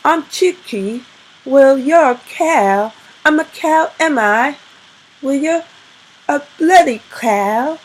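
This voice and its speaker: A woman putting on an English accent to play an irate, cheeky British woman trading insults in a shrill, mocking tone. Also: animated, slow, poor audio. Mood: indignant.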